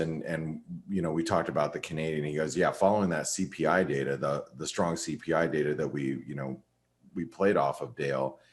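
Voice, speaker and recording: A man's voice: deep voice, darkish tone. A middle-aged man hosting a trading webinar, talking loosely about market analysis with many restarts and fillers. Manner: rambling, with frequent restarts and fillers. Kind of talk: casual trading webinar talk.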